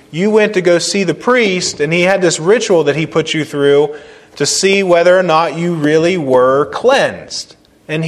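A male pastor preaching a sermon, repeating phrases for emphasis and swinging between loud stressed words and quiet, slow points. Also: high voice.

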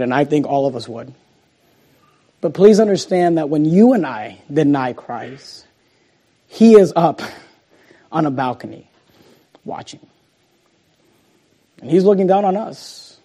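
A male pastor preaching a sermon and reading scripture, moving between loud emphasis and hushed, slowed lines. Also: fairly high pitch. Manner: dramatic swings between loud emphasis and hushed, slow delivery.

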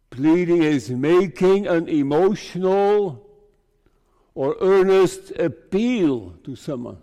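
A man preaching a sermon to his congregation, speaking slowly in short, measured phrases. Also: a little high, mellow. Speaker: pastor. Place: church. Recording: reverberant church hall.

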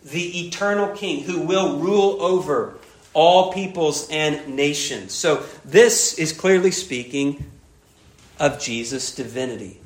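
Guy preaching a sermon, kinda high voice, echoey church room, repeats his big lines. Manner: emphatic, repeats key phrases, drops softly on grave points. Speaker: pastor.

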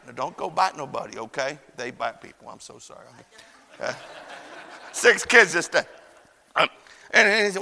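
A man preaching a sermon in a chapel, telling stories in a folksy, animated way and shouting at the high points. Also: fairly quick, gravelly, pauses often, big-room sound. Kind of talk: sermon with storytelling. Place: church chapel.

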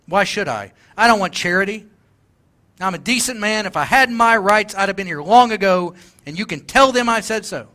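Man doing a high, bristling, resentful poor man, rough talk, all grievance. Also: animated, moderate pace, sharp tone. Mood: indignant. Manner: indignant, blustering, rough-spoken. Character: resentful self-righteous poor man demanding his rights.

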